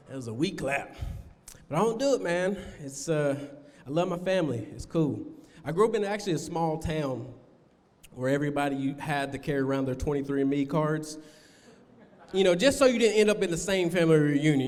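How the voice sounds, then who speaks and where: A man with a fairly high voice, working a live crowd as a stand-up comedian. He tells loose rambling stories and jumps into squeaky put-on voices for other people. His voice rings with the long reverb of a performance venue.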